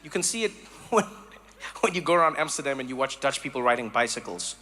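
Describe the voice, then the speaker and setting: A man from Africa, doing animated live stand-up comedy and storytelling. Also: mid-range voice, brisk. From South Africa. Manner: animated storytelling, acts out voices.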